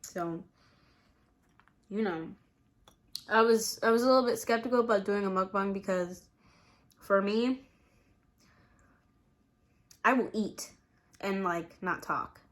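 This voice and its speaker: A young woman in college, chatting casually to camera as a vlogger while eating, relaxed and rambling with many fillers. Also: medium pitch, takes it slowly, pauses often. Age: young adult. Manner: relaxed, rambling, lots of "like" and "you know".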